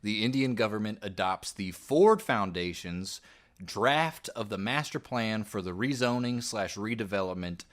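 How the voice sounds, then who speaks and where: A man's voice: fairly low pitch, animated, measured pace. A man co-hosting a casual history podcast, laid-back and swearing now and then as he tells the story. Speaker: podcast host.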